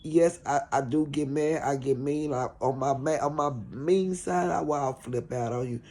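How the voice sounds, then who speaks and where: A woman's voice: low-pitched, normal speed, dark tone. A middle-aged woman caregiver vlogging in an earnest, pleading, repetitive way about showing compassion. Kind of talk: heartfelt preachy vlog talk.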